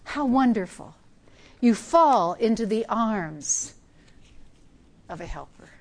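A woman preaching a sermon in an earnest, emphatic way, dropping now and then to a soft hush. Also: on the high side, lively intonation, slow pace.

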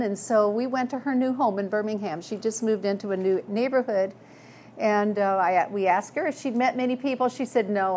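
A woman's voice: medium pitch, a little hiss or hum. A woman preaching a sermon, telling personal stories in an earnest way with frequent restarts. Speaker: speaker.

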